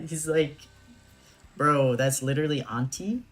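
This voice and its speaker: A young woman streamer chats casually while playing a game, laughing often and talking in slang. She has a bass voice and speaks at a normal speed.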